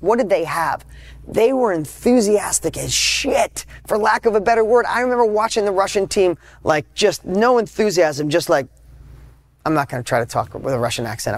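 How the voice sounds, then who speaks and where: Fired-up motivational man, dry sound. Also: no room sound. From United States. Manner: energetic, emphatic, swings from low asides to loud peaks. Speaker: podcast host. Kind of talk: motivational talk.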